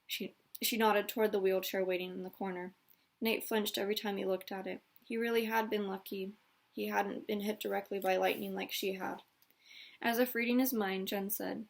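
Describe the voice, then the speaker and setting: A woman teacher reading a children's novel aloud in a steady, clear storytelling manner. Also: mid-range voice, moderate pace.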